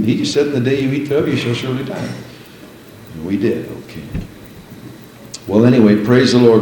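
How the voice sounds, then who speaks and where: An older man preaching a sermon, breaking into drawn-out, half-sung prayers and praises between his teaching. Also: on the low side, mellow, heavy reverb, slight background noise, low-quality recording.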